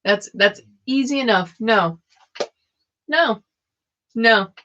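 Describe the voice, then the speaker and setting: A woman's voice: on the high side, expressive, slow pace, pushed and bright, slight background noise. A woman, hosting a live tarot stream and chatting casually with viewers, laughing often. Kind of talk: casual live-stream chat with card readings. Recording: dull lo-fi stream audio.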